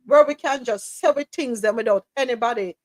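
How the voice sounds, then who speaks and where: High-voiced Caribbean woman hosting. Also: fairly quick, dry recording. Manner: animated, laughing, slips into patois. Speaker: live show host. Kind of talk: casual chat.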